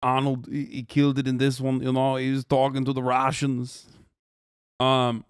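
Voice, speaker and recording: A man's voice: medium pitch, monotone, normal speed, clear, resonant tone, no room sound, studio quality. A man hosting a stream, giving casual, offhand reaction commentary with some swearing. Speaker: streamer host.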